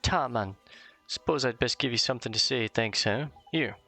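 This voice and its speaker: Brief: a man reading a cheeky little fairy, bright and bouncy, soft game music behind. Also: medium pitch, moderate pace. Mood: chummy. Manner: chummy, slangy, exclaiming.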